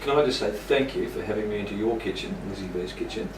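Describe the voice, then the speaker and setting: Low-voiced, easygoing male guest, picked up from a distance with clear background noise. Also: fast talker. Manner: easygoing, appreciative, jokey. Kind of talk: casual chat while tasting food. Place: home kitchen. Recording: roomy kitchen, mic at a distance.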